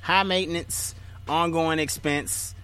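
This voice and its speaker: A man's voice: a little high, steady tone, slow pace, bright, forceful tone. Laughing, joking man co-hosting a chat show. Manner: joking, laughs often, repeats himself. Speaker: podcast co-host. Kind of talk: casual chat.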